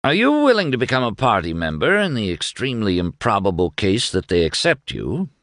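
Suave rich plotter, smooth and condescending, dry close sound; a male narrator voices him. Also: lowish voice, wildly swooping pitch, a little fast, fairly bright tone, dry recording, voice pushed up, heavily acted. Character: suave wealthy male ex-economics teacher and plotter.

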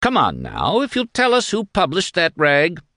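A man voicing a bullying male guard officer of about thirty who jeers and shouts. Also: fairly high pitch, huge pitch swings, normal speed, no room sound, studio quality, voice pushed up, full character voice. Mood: mocking.

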